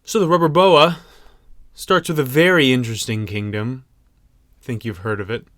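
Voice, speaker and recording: A man's voice: medium pitch, moderate pace, fairly bright tone, dry recording, studio quality. A young man co-hosting a podcast in casual chat, joking and rambling with frequent laughs. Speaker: podcast co-host.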